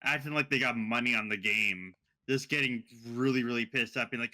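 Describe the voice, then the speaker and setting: A man's voice: medium pitch, brisk, pushed and bright. A young man co-hosting a casual gaming podcast, laughing and swearing freely as he talks. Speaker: podcast co-host.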